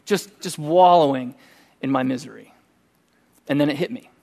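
A middle-aged man preaching a sermon, telling a personal story in a conversational, animated way. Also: a little high, moderate pace, gravelly. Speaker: pastor.

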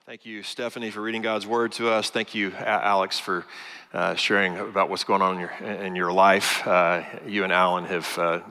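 A male pastor preaching a sermon in a church, earnest and halting, with many fillers. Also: low voice, flat delivery, pushed and bright, smooth, in a large hall. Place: church sanctuary.

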